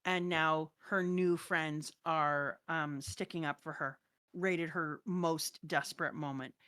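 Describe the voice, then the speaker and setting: A woman co-hosting a casual chat, animated, swinging between hushed retelling and loud outbursts. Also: low voice, slow pace, no room sound. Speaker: podcast co-host.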